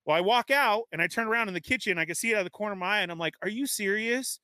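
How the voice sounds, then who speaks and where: Bright upbeat male stream host. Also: sits high, rapid-fire, smooth, dry recording. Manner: upbeat, rambling shout-outs to viewers. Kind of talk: live-stream casual chat. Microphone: webcam setup at home.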